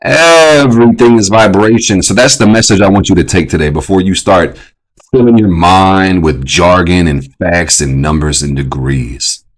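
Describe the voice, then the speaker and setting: Deep husky profane astrology host. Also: male voice, moderate pace. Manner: profane, animated, jumps into mocking high-pitched voices. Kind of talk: casual astrology livestream talk.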